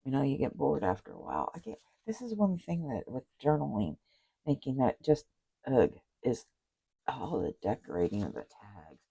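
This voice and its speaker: This woman has a bass voice with a sing-song lilt, vocal fry and a warm, slightly rough tone at a moderate pace. A craft vlogger, she rambles casually through a handmade journal with asides and apologies, captured in a low-quality recording.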